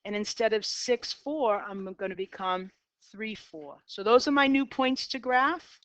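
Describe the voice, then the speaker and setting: A middle-aged math teacher with a Boston accent lectures her class, upbeat as she talks herself through sketching graphs. She has a mid-range, fairly bright voice and speaks a little slowly. The sound is dull and lo-fi, dry with no room sound.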